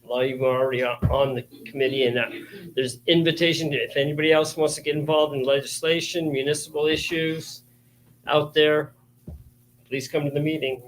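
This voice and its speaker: A man gives casual meeting announcements in a plainspoken, halting way. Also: fairly high pitch, steady tone, a little hiss or hum, poor audio. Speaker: committee member.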